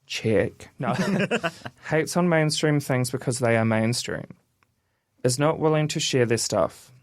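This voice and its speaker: A man, co-hosting a casual radio chat and reading quiz items aloud in a steady list. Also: mid-range voice, slow, no room sound. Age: 20s. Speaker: radio co-host. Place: radio studio.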